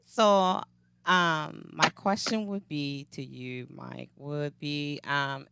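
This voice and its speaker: A woman's voice: low-pitched, steady tone, slow pace, gravelly, a bit bright, slight background noise. A woman with a New Orleans accent, chatting casually on a panel and telling a story with frequent laughter. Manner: laughs often, tells stories animatedly. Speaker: guest panelist, podcaster.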